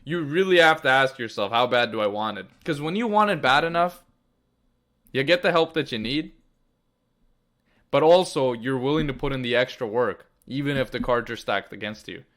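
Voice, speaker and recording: A man's voice: mid-range voice, expressive, moderate pace, fairly bright tone. A man with a mid-range voice talks on a casual podcast. He gives advice in an earnest, emphatic way and leans hard on his key points. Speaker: podcast co-host.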